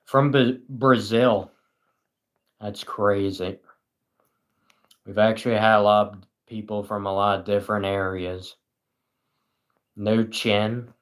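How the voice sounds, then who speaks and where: A man's voice: lowish voice, steady tone, slow, long pauses. A tired British man hosting a livestream, chatting casually and reading viewers' comments with dry, self-mocking sarcasm. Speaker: livestream host.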